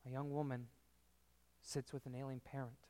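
A man preaching a sermon in an earnest, measured way, with dramatic pauses. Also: mid-range voice, flat delivery, mellow, dry recording.

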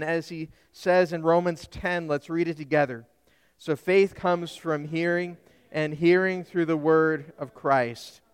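A man's voice: sits high, clean tone, in a large hall. A man, a Lutheran pastor, preaching a sermon emphatically and putting questions to the congregation.

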